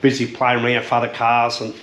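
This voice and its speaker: A middle-aged Australian man talks cars in his home shed, rough-spoken and loose with the swearing, tripping over his words as he goes. His voice sits in an ordinary middle pitch. A faint hiss of noise runs underneath. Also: monotone, fast, fairly bright tone. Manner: rough-spoken, swears freely, repeats himself. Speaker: car restorer showing his shed. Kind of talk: casual chat.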